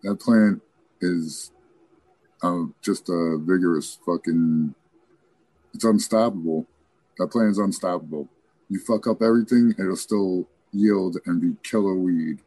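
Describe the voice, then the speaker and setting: A man with a husky voice in casual chat, enthusiastic and swearing freely. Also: low-pitched, a little slow, mellow, no echo.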